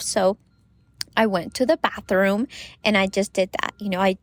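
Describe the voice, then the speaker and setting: A woman's voice: medium pitch, measured pace. A woman in her thirties hosting a podcast, giving casual advice in a chatty way with many fillers. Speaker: podcast host.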